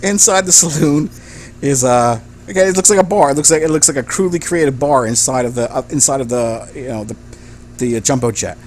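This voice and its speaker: A man's voice: mid-range voice, darkish tone, a little hiss or hum. A man narrating as game master of a tabletop game, describing scenes with frequent restarts. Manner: rambling, halting description with restarts.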